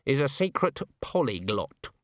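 A man's voice: medium pitch, very animated, unhurried, no room sound, clean studio sound. A man voicing a stern, suspicious old woman witch in a storybook reading, speaking in a clipped, commanding way.

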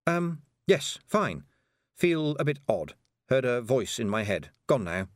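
A man reading aloud, voicing a frightened, shaky young girl who talks in halting scraps. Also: mid-range voice, sing-song, dry recording, studio quality. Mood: shaken.

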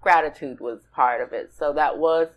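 An older woman co-hosting a talk show, reading a personal letter aloud in a measured, deliberate way. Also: low-pitched, muffled recording. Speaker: podcast co-host.

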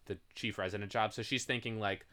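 A man's voice: medium pitch, big pitch swings, normal speed, bright, forceful tone. A man co-hosting a podcast, chatting in a laid-back, blunt way and swearing casually as he recaps a TV episode. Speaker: podcast co-host.

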